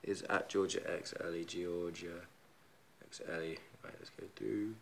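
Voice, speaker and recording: A man's voice: low-pitched, fairly even intonation, moderate pace, vocal fry, a crowd in the background. A young man hosting a casual live stream, reading out viewer names in a chatty, self-deprecating way.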